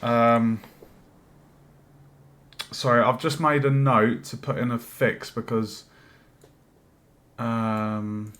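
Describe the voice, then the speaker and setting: A man streaming his game development work, thinking aloud with many pauses and fillers, and chatting with viewers. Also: medium pitch, level tone, a bit bright. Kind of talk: casual live-stream commentary while working. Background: faint music and keyboard typing.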